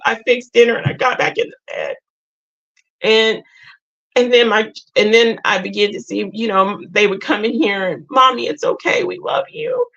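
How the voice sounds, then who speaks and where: A woman hosting a live group talk, sharing her own story in a halting, emotional way and often repeating or restarting her words. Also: mid-range voice, fairly bright tone, highs cut off. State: tearful at times. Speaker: host.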